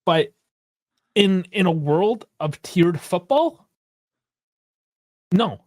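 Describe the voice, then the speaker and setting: A man's voice: high-pitched, expressive, very slow, darkish tone, no echo, studio quality. A man co-hosting a sports podcast, asking pointed questions and speaking bluntly with profanity. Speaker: podcast co-host. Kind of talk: casual sports podcast chat.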